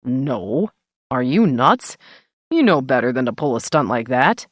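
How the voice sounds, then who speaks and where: Woman voicing a gruff middle-aged male sheriff, blunt, deadpan, low voice, dry sound. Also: a little slow, no echo, heavily acted.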